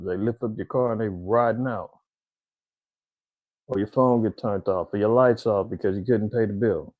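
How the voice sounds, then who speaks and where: A man's voice: lowish voice, moderate pace, no room sound, phone-quality sound. A man giving a casual, rambling commentary in slang, talking straight to his viewers. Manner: conversational, rambling, slangy, addresses viewers directly. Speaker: vlogger commentator.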